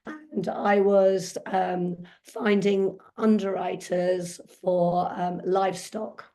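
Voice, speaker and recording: Croaky woman telling stories. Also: on the low side, flat delivery, slow pace, mellow. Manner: candid, anecdotal storytelling. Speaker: podcast guest. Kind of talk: casual interview.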